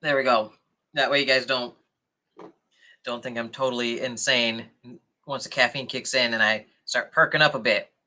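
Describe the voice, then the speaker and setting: A young man hosts a casual livestream, reading comments and thanking his viewers with excitable, chatty energy. His voice sits at a middling pitch and has a very bright, forceful tone. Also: moderate pace, pauses often. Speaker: livestream host.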